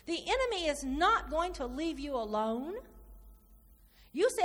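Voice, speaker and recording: A woman preaching a sermon, animated and repetitive, acting out inner dialogue as she speaks. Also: high-pitched, unhurried, pauses often. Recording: reverberant hall.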